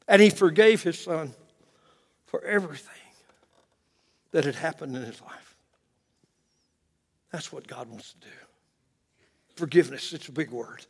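A preacher tells a story in a sermon, his voice sitting high for a man. He swings between loud bursts and hushed lines, with chuckling asides. A long reverb trails him through the church. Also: animated, moderate pace, pauses often. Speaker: pastor.

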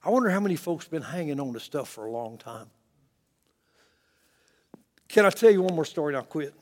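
A man preaching and telling a story, swinging from loud to hushed with chuckling asides. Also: a little high, sing-song, fairly quick, in a large hall. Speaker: pastor. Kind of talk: sermon storytelling. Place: church.

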